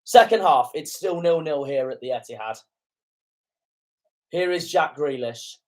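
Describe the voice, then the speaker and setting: A man's voice: fairly high pitch, expressive, a little slow, darkish tone. Fired-up man calling a football match. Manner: indignant, swearing outbursts over calls. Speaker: fan commentator. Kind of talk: live match reaction commentary.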